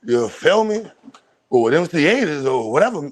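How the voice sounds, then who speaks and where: A young adult man, hosting a casual livestream rant, loud and profane, streaming from a phone at home. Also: on the high side, normal speed. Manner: loud, animated, profane storytelling with bursts of laughter. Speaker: stream host. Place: at home, moving between a room and the doorway outside.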